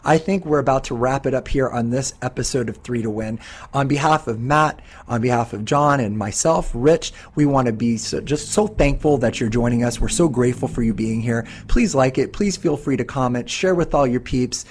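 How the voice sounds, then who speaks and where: A man in his fifties co-hosting a podcast, telling stories in a casual, animated way with lots of fillers. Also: mid-range voice, slightly rough. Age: 50s. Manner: animated storyteller, many fillers. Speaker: podcast co-host.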